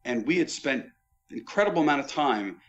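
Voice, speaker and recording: A man's voice: mid-range voice, brisk. Man telling stories on a muffled podcast. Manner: animated raconteur, vivid recollections. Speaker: podcast guest, former boxing pay-per-view executive. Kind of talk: anecdotal storytelling in casual chat.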